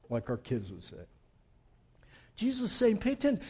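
Man, very high voice, pastor, sermon, emphatic, rhetorical questions, loud then hushed. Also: huge pitch swings, normal speed, slightly rough.

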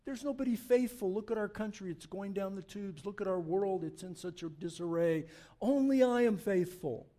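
A man voicing a despondent prophet who whines and complains in self-pity, his voice raised in pitch. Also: moderate pace, mellow, lightly acted. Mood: whining.

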